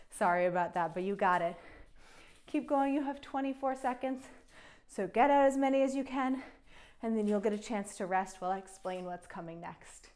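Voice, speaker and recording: A young woman, out of breath, coaching a follow-along kettlebell workout and counting down reps with encouragement. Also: mid-range voice. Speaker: fitness instructor.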